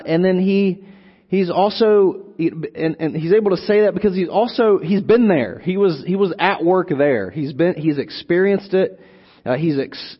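A man preaching an expository sermon, teaching slowly and deliberately, lingering on single words and repeating phrases for emphasis. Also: fairly high pitch. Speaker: preacher teaching on a Bible letter. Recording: long hall reverb, dull lo-fi sound.

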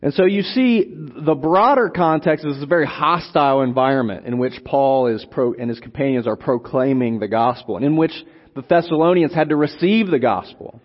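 Slow, deliberate preacher in a reverberant hall. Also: male voice, on the high side. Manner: slow and deliberate, dwelling on single words; repeats and restarts phrases for emphasis. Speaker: preacher teaching on a Bible letter. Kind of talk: expository sermon. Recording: long hall reverb, dull lo-fi sound.

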